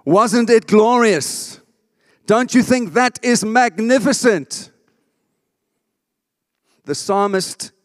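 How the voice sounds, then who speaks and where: A man's voice: on the high side, no echo, clean studio sound. A man preaching a sermon, emphatic, often asking the congregation for an amen. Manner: emphatic, asks the congregation for response. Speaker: pastor.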